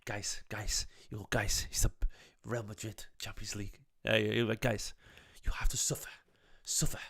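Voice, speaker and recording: A man putting on an accented impression of a soft-spoken football manager who speaks in a breathy near-whisper and keeps repeating himself. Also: medium pitch, fairly even intonation, moderate pace, no echo, clean studio sound, close to an everyday voice. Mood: hushed.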